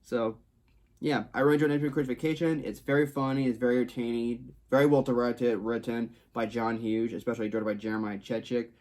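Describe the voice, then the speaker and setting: A Texas man with a mid-range, darkish voice keeps a level tone and brisk pace as he casually reviews a movie to camera. As a film reviewer he rambles, repeats himself, restarts frequently, and uses stock phrases.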